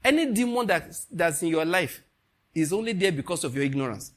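A man with a Nigerian accent preaching a sermon, animated and laughing, swinging from quiet asides to loud exclamations. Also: sits high, a little fast.

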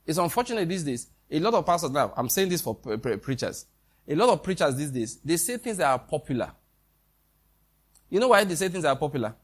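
A man's voice: a little high, very animated, fairly quick, husky. A man preaching a sermon in a conversational way, with quoted dialogue and questions to the congregation.

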